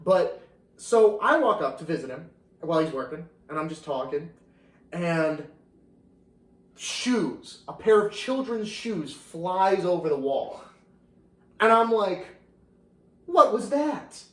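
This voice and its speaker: A man casually telling a story on a podcast, animated, laughing often and acting out the voices of the people in it. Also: sits high, slow, pauses often. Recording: roomy, distant mic.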